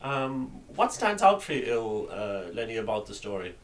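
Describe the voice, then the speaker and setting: A man hosting a discussion, speaking haltingly with many fillers, heard from a distant mic. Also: lowish voice, very animated. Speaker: host. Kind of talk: casual discussion.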